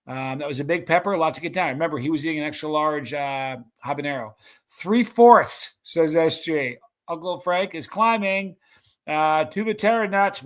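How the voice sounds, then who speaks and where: A man hosting a live stream, reading viewer comments aloud and calling out excited countdowns. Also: on the high side.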